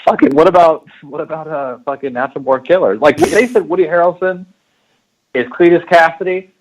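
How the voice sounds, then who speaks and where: A man co-hosting a podcast in casual chat, profane and expressive, mimicking other people. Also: fairly high pitch, a little fast, poor audio. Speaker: podcast co-host.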